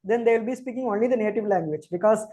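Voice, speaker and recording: Mellow-voiced woman interviewer. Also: mid-range voice, quick pace. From India. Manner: addresses guest as ma'am, long explanatory asides. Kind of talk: interview questions.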